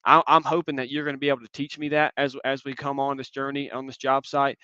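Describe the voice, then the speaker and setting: A man in his twenties giving an earnest, reflective conference talk and answering questions, often pausing with "um". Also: medium pitch, level tone, pushed and bright, clean tone, no echo. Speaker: conference speaker. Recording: dull lo-fi sound.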